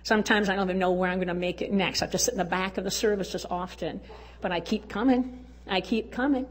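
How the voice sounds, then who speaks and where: A woman's voice: mid-range voice, fairly even intonation, fast talker. An older woman giving a folksy, exuberant testimony talk at a church women's event, urging and cheering her listeners on. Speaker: women's conference speaker.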